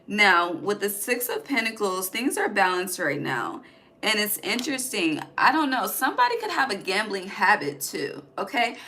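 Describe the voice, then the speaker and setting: A woman's voice: mid-range voice, sing-song, moderate pace, pushed and bright, slight background noise. A woman giving a casual tarot reading, blunt and profane, often ending her points with "okay?". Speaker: tarot reader.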